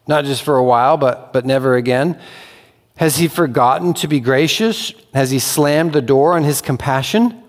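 A man's voice: medium pitch, normal speed. A man preaching a sermon in an earnest, conversational way, acting out quoted lines as he goes. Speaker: pastor. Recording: long hall reverb.

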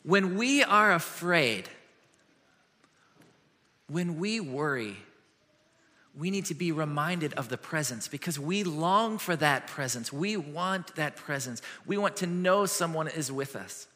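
A middle-aged man preaching a sermon as a pastor, telling stories with lively swings between loud and hushed. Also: on the high side. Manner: animated storytelling with quick shifts from loud to hushed. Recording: long hall reverb.

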